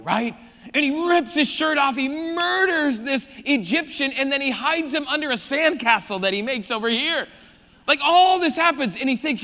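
A male preacher with a high, bright voice tells a Bible story with animated energy and playful asides. His voice carries a long reverb, like a large hall. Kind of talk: sermon.

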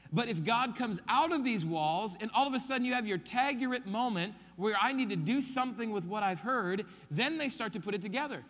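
A man's voice: sits high, a bit bright, big-room sound. A man pastor preaching a sermon, emphatic, repeating his key points and counting them off.

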